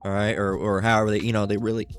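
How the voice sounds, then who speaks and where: A man's voice: fairly low pitch, flat delivery, rapid-fire, soft background music. A man giving casual religious commentary with an itchy throat, rambling and swearing, full of fillers and asides.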